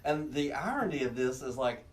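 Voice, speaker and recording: An easygoing man telling amused stories as a guest in a casual podcast chat. His voice is mid-pitched. He sounds a little distant from the microphone. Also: expressive, brisk. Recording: slightly distant from the mic.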